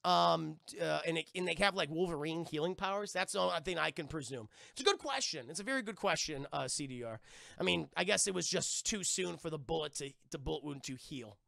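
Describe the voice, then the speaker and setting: Gravelly, bright-voiced young man. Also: fairly high pitch, a little fast, dry recording. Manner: animated, profane, acts out lines in put-on voices. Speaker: streamer retelling a film to chat. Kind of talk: casual chat.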